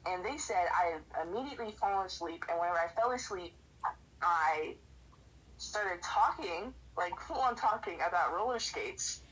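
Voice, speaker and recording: A woman's voice: on the low side, expressive, normal speed, fairly bright tone, husky, poor audio. A woman streamer chatting casually and telling stories, with a lot of "like" as filler. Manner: chatty storyteller, lots of "like". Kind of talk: casual chat.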